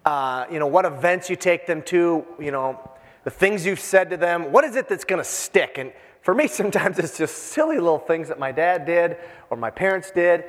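Chatty middle-aged pastor in a reverberant hall. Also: male voice, fairly high pitch, normal speed. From Minnesota, USA. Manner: rambling, self-deprecating and chatty, with many fillers. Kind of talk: informal sermon.

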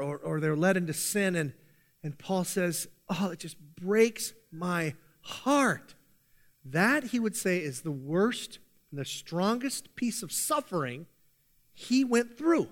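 A male pastor preaching a sermon in a conversational, emphatic way with playful sarcasm. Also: a little high.

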